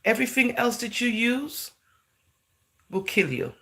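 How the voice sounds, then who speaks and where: In a bright, forceful, fairly high-pitched voice, a woman from England talks to the camera unhurriedly yet animatedly. The casual vlog monologue is chatty and rambling, laced with "you know," "right?" and Jamaican-style phrasing.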